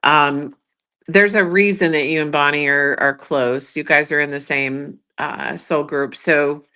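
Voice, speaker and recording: Deep-voiced older woman, bright forceful tone. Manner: earnest, flowing, filler-heavy. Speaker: tarot reader. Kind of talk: casual live tarot reading.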